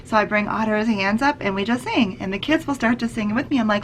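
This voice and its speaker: A woman's voice: brisk, few pauses, fairly bright tone, a little hiss or hum. A woman who teaches preschool online, chatting casually as she explains her circle-time songs. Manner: breaks into high, sing-song teacher voice with gasps.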